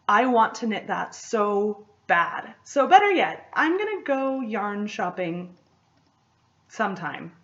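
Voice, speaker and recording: Chatty, excitable woman host on lo-fi audio. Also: mid-range voice. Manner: chatty and excitable, laughs often, rambling asides. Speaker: knitting podcast host. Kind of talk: casual chat.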